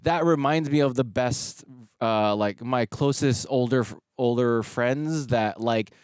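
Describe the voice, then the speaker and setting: A man's voice: medium pitch, unhurried, a little mellow, smooth, no echo, studio quality. A man co-hosting a movie reaction show, telling a personal story in a rambling, casual way. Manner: rambling, many fillers and restarts.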